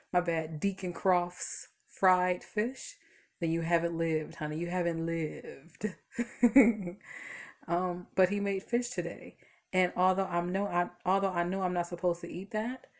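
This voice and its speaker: A tired woman vlogging casually from home, rambling through stories with lots of fillers. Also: lowish voice. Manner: chatty, rambling storytelling with fillers. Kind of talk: casual talk to camera.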